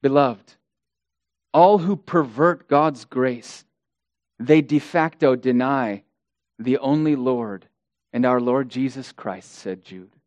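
A man's voice: medium pitch, takes it slowly, pauses often, a little mellow, dry recording. A male pastor preaching an impassioned sermon, hammering points through repetition and addressing the congregation as beloved.

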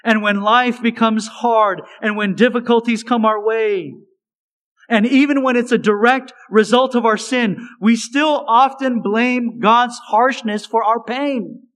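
A male preacher giving an expository sermon, swinging between raised, emphatic lines and hushed, low asides. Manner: slow, deliberate delivery.

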